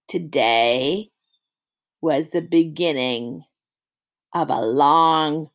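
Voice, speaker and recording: A woman reading a spooky story aloud in a slow, deliberate way, with small slips and restarts. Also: medium pitch. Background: faint music.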